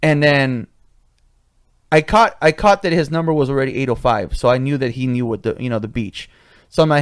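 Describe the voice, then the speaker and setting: A man's voice: mid-range voice, a little fast, smooth, no echo, studio quality. A man hosting a podcast, telling a cocky work story in a casual, profane way. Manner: profane, swaggering anecdote-telling. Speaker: podcast host.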